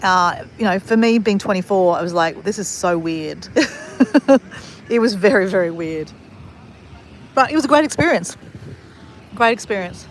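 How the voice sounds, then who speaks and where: A woman's voice: mid-range voice, lively intonation, moderate pace, long pauses, slight background noise. A woman in her forties from Australia, chatting casually to camera in a rambling, laughing way. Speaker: vlogger.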